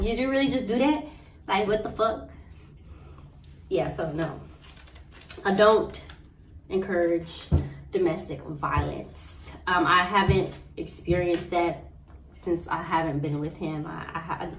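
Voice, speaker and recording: A young woman tells her own story to the camera, blunt, profane and animated. Her voice sits back from the mic in a roomy, echoing space, with a faint hum of room ambience underneath. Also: fairly low pitch, distant mic. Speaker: vlogger. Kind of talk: candid storytime monologue. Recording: roomy echo, a bit off-mic.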